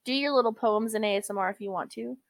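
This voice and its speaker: A woman's voice: a little high, fast talker, no room sound. A woman co-hosting a podcast in casual chat, talkative and profane, calling everyone girl. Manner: chatty, swears freely, calls everyone girl. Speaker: podcast co-host.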